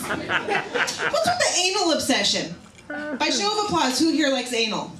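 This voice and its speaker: A woman in her thirties doing a stand-up comedy set in a bar, telling bawdy stories with animated, acted-out quotes. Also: high-pitched, measured pace. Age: 30s. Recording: echoey club with loud noise. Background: audience laughter.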